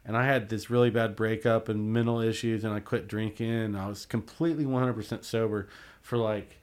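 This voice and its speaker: A man's voice: lowish voice, a little fast. Man telling a profane story. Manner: profane, animated, acts out quotes and sound effects. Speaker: tattoo artist and shop owner. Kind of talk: casual storytelling.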